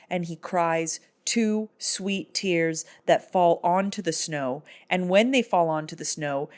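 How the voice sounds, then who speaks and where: A woman giving a casual, jokey recap of a movie, telling the plot with a sarcastic edge. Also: on the low side. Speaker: vlogger.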